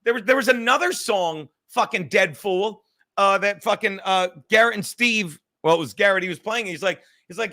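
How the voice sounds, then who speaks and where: A man with a high, bright voice hosts a livestream podcast at a desk mic, talking loosely and casually. He rambles, jokes with the chat, and swears freely, all at a brisk pace.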